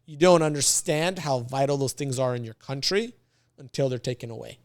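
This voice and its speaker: Fast-talking man telling a story. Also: mid-range voice, no room sound, clean studio sound. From United States. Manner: animated, slangy, laughs often. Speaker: podcast guest. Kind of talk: casual storytelling.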